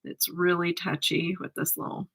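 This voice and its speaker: Lady chatting on a makeup live stream, bright voice, jokey and giggly. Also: fairly low pitch, flat delivery, moderate pace, creaky, husky. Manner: chatty, laughs often, teasing. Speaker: makeup vlogger. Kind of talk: casual chat with live viewers.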